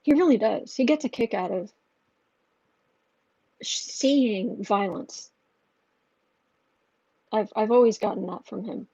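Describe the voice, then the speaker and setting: A woman's voice: mid-range voice, expressive, takes it slowly, long pauses, dark tone, breathy edge, dry recording. A woman hosting a tarot livestream, reading viewer questions aloud in a blunt, rambling, opinionated way. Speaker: tarot reader and channel host. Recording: dull lo-fi audio.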